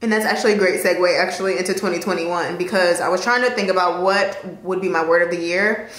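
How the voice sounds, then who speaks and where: A woman's voice: fairly low pitch, steady tone, fast talker, fairly bright tone, echoey room. A young adult woman talking candidly to camera in a vlog, emotional and chatty, laughing at times. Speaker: vlogger. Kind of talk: casual talk to camera.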